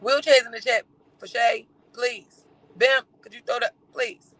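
A man doing livestream gossip commentary in a sassy, campy, teasing way, with drawn-out exclamations and laughter. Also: extremely high pitch, steady tone, sharp tone, poor audio.

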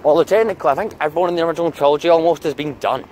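A man's voice: fairly high pitch, racing, darkish tone, slight background noise. A man vlogging outdoors in town, chatting casually and ranting with heavy swearing. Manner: angry swearing rant. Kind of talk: casual vlog chat.

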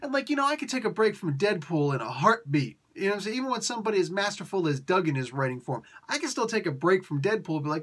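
A woman's voice: mid-range voice, very animated, quick pace, few pauses, slightly rough. Exasperated woman ranting about comics. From Italy. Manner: exasperated, repetitive, keeps saying "man". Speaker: comic book reviewer. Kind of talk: casual ranting review.

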